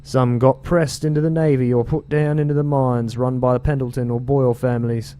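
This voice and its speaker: A man's voice: mid-range voice, level tone, a little fast, dark tone, a little hiss or hum, natural voice. A man voicing a male street gang member telling tales in an attempted British accent, reading game lore aloud in a slangy, loose delivery. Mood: storytelling.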